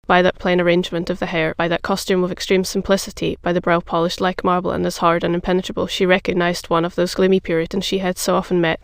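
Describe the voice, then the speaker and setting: A narrator reading a classic novel in an even, measured audiobook delivery. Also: medium pitch, no room sound, studio quality.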